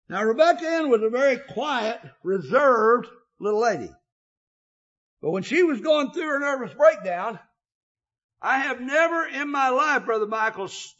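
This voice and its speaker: An older man preaching an emotional sermon, often shouting, with a filler 'uh' between phrases. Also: very high voice, muffled recording.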